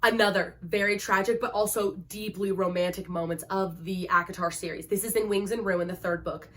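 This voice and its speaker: A young woman chats about her favorite books in a gushing, dramatic way, piling up filler words as her feelings spill over. Her voice sits at an ordinary pitch for a woman. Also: fairly even intonation, fairly quick. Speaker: book reviewer. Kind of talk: casual chat about books.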